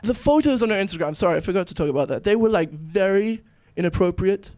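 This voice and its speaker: A young man from South Africa tells jokes in a stand-up set, nervous and self-deprecating. His voice sits fairly high for a man. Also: animated, fast talker, darkish tone, dry recording. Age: 20s. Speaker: stand-up comedian and YouTuber. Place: comedy club stage.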